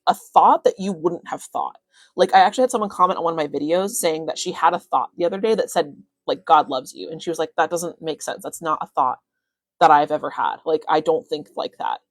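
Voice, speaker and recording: A young woman coaching on a phone live stream, rambling casually with lots of fillers and quick bursts of excitement. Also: on the low side, no echo.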